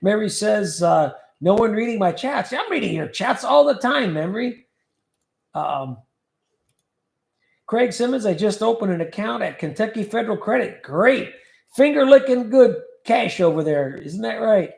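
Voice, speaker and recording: High gravelly man reading chat. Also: lively intonation, normal speed, darkish tone, echoey room. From California. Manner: jokey, reads viewer comments aloud. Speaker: livestream host reading chat. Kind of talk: casual livestream chat.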